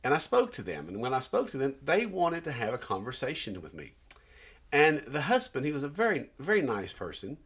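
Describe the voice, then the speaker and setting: A man's voice: mid-range voice, wildly swooping pitch, a bit bright, breathy edge. Earnest man telling a personal story. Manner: earnest, storytelling, pauses and restarts. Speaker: Christian minister. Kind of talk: personal testimony to camera.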